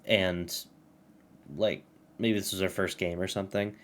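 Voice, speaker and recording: Young guy ranting about games, fired up and cussing, kinda low voice, faint background noise. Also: little pitch movement, a little slow. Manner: angry, swearing, laughing while reading aloud. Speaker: gaming commentator. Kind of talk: casual rant to camera.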